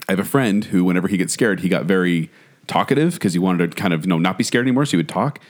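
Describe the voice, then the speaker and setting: A man's voice: low voice, rapid-fire. A man co-hosting a casual chat show, opinionated and laughing often. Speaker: podcast co-host. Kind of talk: casual chat about movie etiquette.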